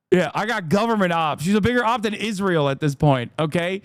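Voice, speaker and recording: A man streaming live reaction commentary, loud and profane with animated outbursts. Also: high-pitched, dry recording, studio quality.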